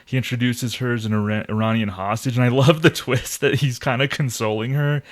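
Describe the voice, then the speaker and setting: A man co-hosting a podcast in relaxed casual chat, enthusiastic as he comments. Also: mid-range voice, fairly quick. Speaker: podcast co-host.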